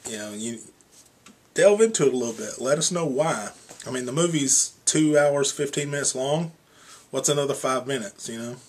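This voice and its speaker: A man's voice: medium pitch, slightly rough. A young man giving a casual, rambling movie review, full of "you know" and "um". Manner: rambling, filler-heavy, with many "you know" and "um".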